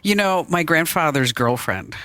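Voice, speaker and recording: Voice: medium pitch, animated, normal speed, sharp tone, dry recording, studio quality. A talk show co-host chatting casually, rambling with lots of fillers. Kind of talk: casual radio show banter.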